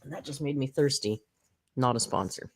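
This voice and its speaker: A commentary channel host with a very deep voice talks at a moderate pace on a casual live reaction stream. She's snarky and profane, rambles with fillers, and sits close to her desk mic.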